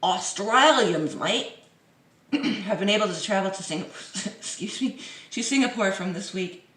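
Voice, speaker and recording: A woman's voice: medium pitch, animated, normal speed, fairly bright tone, distant mic. A woman vlogger reads a news article aloud in a casual way, breaking off often for mocking, playful side remarks. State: dry throat. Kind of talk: casual reading with sarcastic asides. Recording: roomy echo.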